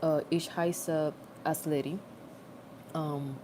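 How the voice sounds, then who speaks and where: A woman's voice: fairly low pitch, normal speed, very noisy. A young adult woman rambling in a casual, self-mocking livestream chat, recorded on a phone.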